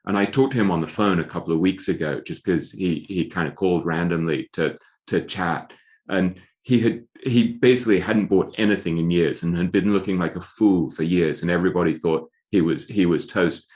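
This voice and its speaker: A man's voice: sits low, moderate pace, darkish tone. A middle-aged man speaking as an author guest in an interview, thoughtful and often repeating words as he searches for phrasing. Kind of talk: conversational interview.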